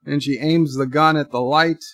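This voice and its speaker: Man, live watch-along commentary, slow talker, dry close mic, thinking aloud. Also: mid-range voice, sharp tone, no echo. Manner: thinking aloud, describing scenes as they play. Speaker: channel host and commentator.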